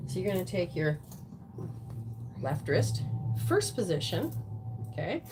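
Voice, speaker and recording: Animated woman guiding a healing session. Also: fairly low pitch, a little slow, pauses often, background noise. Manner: animated, acts out reactions in quoted voices. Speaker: spiritual teacher and intuitive reader. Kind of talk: live-streamed teaching with readings.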